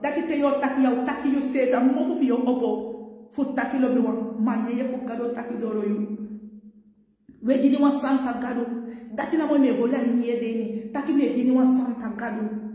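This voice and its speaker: High pitched surinamese lady preaching hard, repeating lines, big echoey hall. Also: fairly even intonation, normal speed. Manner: impassioned, rhythmic repetition, at times shouting. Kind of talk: sermon.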